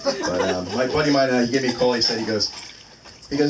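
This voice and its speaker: At an open mic in a small venue, a thirtysomething comic talks fast with lively intonation at a medium pitch, rambling and breaking into his own lines with filler words. The recording comes from a faraway mic and carries heavy room noise.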